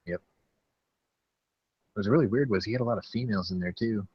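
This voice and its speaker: A low, husky-voiced man talks in a laid-back, joking way, laughing and swearing as he chats. The sound is dry and a bit dull, like a lo-fi recording. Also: fairly quick, dry recording. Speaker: podcast host. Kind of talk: casual chat.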